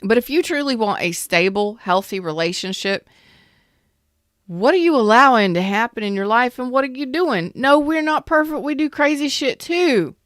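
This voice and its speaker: A woman's voice: fairly high pitch, expressive, normal speed, fairly bright tone, dry recording, clean studio sound. Blunt, swearing tarot reader woman. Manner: blunt, profane, calls viewers out; reads out and answers live chat comments. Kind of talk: live-streamed tarot reading, casual rant.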